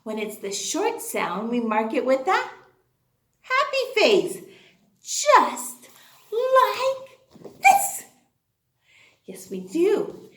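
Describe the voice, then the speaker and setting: Kindergarten teacher lady, super slow and sing-songy, echoey room. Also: sits high, huge pitch swings, fairly bright tone. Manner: sing-song, exaggerated enunciation, praising and prompting. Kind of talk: online class for young children.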